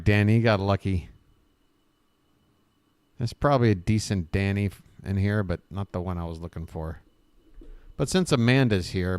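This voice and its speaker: A man's voice: low-pitched, a little mellow, clear, resonant tone, no echo. A man hosting a live stream, riffing with sarcastic jokes in a rambling, self-interrupting way. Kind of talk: casual live-stream commentary.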